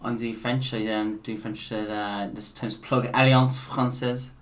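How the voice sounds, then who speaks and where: A man who is a guest on a podcast, speaking in a hesitant, halting way in casual chat. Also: medium pitch, little pitch movement.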